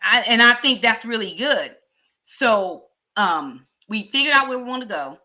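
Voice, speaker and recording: A middle-aged woman vlogger telling a personal story in a chatty, animated way. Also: a little high, unhurried. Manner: chatty, animated, acts out dialogue.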